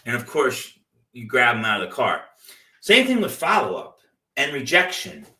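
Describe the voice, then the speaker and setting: A man hosting a real estate investing show, giving a loose, animated motivational talk full of stories and "like". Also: mid-range voice, normal speed. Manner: loose, animated storytelling with frequent "like". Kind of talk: casual motivational talk with anecdotes. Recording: echoey room, distant from the mic.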